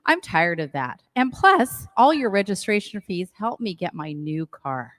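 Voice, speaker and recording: A woman's voice: mid-range voice, sing-song, a little slow, fairly bright tone. A woman playing an exasperated studio owner who bluntly lists her grievances. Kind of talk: role-play exercise.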